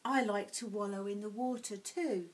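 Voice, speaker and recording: A woman voicing a shy, lonely little boy elephant calf for a storybook, speaking in a high, hopeful, timid voice. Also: normal speed, lightly acted.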